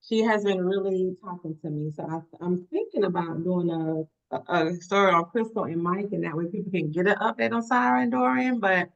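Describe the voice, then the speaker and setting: A woman's voice: on the low side, a little fast, vocal fry, hardly any pauses, lo-fi sound. A woman, a guest author, talking casually in a book club discussion with chatty fillers.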